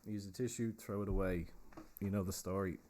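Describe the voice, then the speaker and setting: Hosting a casual virtual pub tour from within a pub, a man jokes around and confirms viewers' quiz answers. His voice sits low with a warm, steady tone and a slightly fast pace, over slight background noise.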